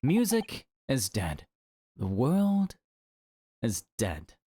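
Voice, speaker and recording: A man voicing a melancholy, theatrical gentleman detective in a low, mournful tone. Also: huge pitch swings, drawn-out words, a little hiss or hum, heavily acted. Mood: despondent.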